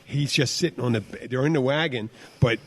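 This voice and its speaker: Male bar podcast host, rambling and halting, loose with curse words, casual chat. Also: medium pitch, a little hiss or hum. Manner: rambling, halting, lots of fillers and restarts; swears freely.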